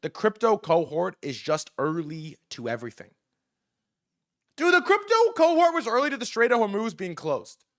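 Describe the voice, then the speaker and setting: A young man hosting a livestream, ranting excitedly and profanely, jumping from loud bursts to quieter mumbled asides. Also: high-pitched, normal speed. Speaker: livestream host. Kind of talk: hyped livestream market rant.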